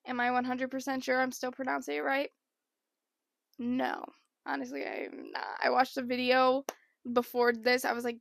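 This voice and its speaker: A young woman vlogger telling a rambling, animated storytime in casual chat. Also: high voice, normal speed, vocal fry, dry recording, clean studio sound. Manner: chatty, rambling, animated impressions.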